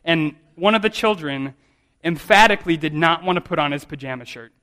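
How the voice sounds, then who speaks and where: A man's voice: a little high, lively intonation, brisk, sharp tone. A man in his thirties, a pastor preaching a sermon in a conversational, self-deprecating way, often restarting his sentences.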